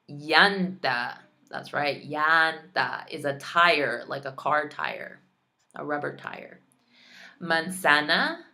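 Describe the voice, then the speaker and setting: A woman teaching a language lesson online, saying each word slowly and patiently explaining how to pronounce it. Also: low voice, bright, forceful tone. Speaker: Spanish teacher.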